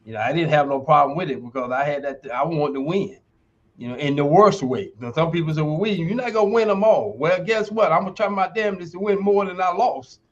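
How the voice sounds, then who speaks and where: On a lo-fi recording, a retired football player turned university lecturer in his sixties shares stories as a podcast guest. He speaks fairly quickly with a voice on the high side. His style is emphatic and homespun, much like a motivational coach.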